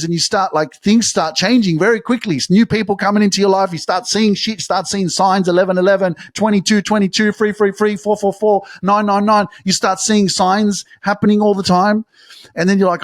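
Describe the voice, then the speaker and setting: A man giving a motivational monologue in an animated, casual way, acting out excited quotes and swearing now and then. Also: sits high, a little fast, no room sound, clean studio sound. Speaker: motivational speaker.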